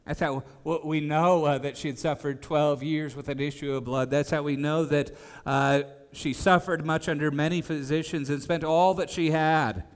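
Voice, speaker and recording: Pastor, male, fairly high voice, stammering preacher, long hall reverb. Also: fairly even intonation, normal speed. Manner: stammers on restarts, rises to emphatic declarations. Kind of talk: expository sermon.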